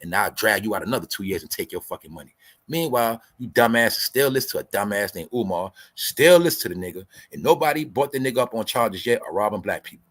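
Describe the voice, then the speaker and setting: Low-voiced man ranting as a show host. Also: lively intonation, fast, fairly bright tone. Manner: profane, combative, lecturing; repeats points for emphasis. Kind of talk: commentary rant.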